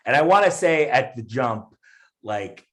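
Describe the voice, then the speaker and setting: A male comedian, a guest on a podcast, telling a story in a casual, animated way with lots of fillers and restarts. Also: mid-range voice, unhurried.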